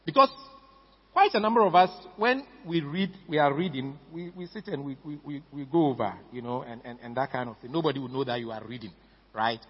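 A man's voice: medium pitch, brisk, breathy edge. A man with a Ghanaian English accent preaching a sermon, stressing key words and often repeating himself. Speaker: pastor. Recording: dull lo-fi recording in a reverberant hall.

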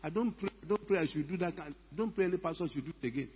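An older male pastor preaches emphatically, firing rhetorical questions at the congregation in an animated, racing delivery. His voice is a little high and slightly rough, and the lo-fi recording sounds dull and echoes like a hall.

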